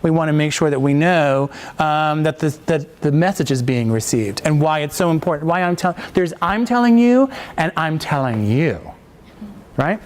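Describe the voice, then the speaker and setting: A man teaching a voice-over class, coaching students with halting, encouraging talk and many restarts. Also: fairly high pitch. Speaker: voice-over workshop instructor.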